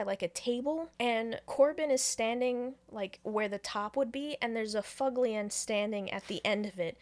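A woman co-hosting a podcast, casually recapping a film plot in an animated, profane way with frequent laughter. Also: a little high. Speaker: podcast co-host. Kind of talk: casual movie recap chat.

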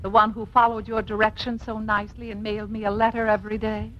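An actress playing a witty, unruffled wife with an arch, teasing manner, in 1950s radio acting. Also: female voice, mid-range voice, level tone, quick pace, a little hiss or hum, natural voice. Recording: dull lo-fi old radio broadcast.

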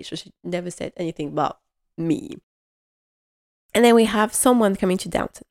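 A woman's voice: lowish voice, fairly quick, darkish tone. A woman host chatting casually and enthusiastically through a TV episode recap, rambling with many fillers. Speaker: podcast host.

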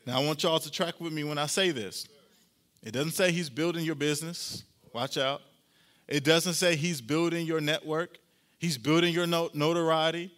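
A pastor, a man, preaching a sermon, repeating key phrases, slowing down to stress them, and often talking straight to the congregation. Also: on the high side, steady tone, fairly bright tone. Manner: addresses the congregation directly and often.

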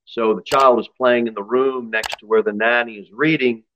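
A man's voice: medium pitch, fairly even intonation, normal speed, fairly bright tone, slight background noise, low-quality recording. A man preaching an expository sermon in a church, emphatic and acting out story voices. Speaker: pastor.

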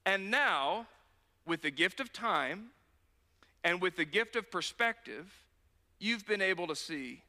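A bright, high-voiced man preaching an earnest sermon, telling stories in a conversational way. His voice rings through a church sanctuary with a long reverb tail. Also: expressive, slow pace, long pauses. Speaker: pastor.

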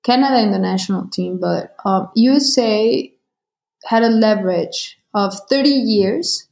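Woman, measured. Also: mid-range voice, vocal fry, a little mellow. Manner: measured, with many filler pauses and tag questions. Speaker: football league executive, guest. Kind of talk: interview answers.

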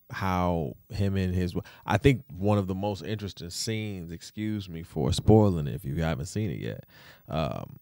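Low-voiced man hosting a casual podcast. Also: no room sound, studio quality. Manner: relaxed and conversational, with many fillers and repeats. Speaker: podcast host.

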